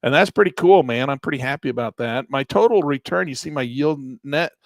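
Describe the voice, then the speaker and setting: Give me a gravelly man running a live trading lesson, chatty and sarcastic, recorded dry. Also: fairly high pitch, brisk, dry recording. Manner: animated, sarcastic, conversational. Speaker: trading instructor. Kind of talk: live trading training, screen walkthrough.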